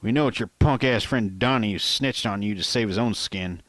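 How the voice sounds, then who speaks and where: A man voicing a stern, intimidating male sheriff with a gruff, commanding manner in a self-read audiobook. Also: on the low side, a little fast, fairly bright tone, dry recording, natural voice. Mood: menacing.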